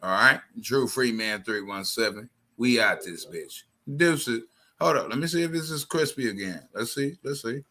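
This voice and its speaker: A man hosting a heated call-in live stream. His voice is very bright and cutting, and he argues with callers in a profane, repetitive way. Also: mid-range voice, animated, moderate pace. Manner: confrontational, profane, repeats phrases.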